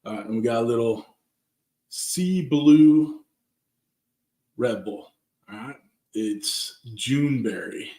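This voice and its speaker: A man's voice: medium pitch, expressive, slow, long pauses, mellow, reverberant. A man with a Southern California accent hosting a casual live cooking stream, chatting loosely and greeting viewers by name. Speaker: cooking channel host. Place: backyard, outdoors.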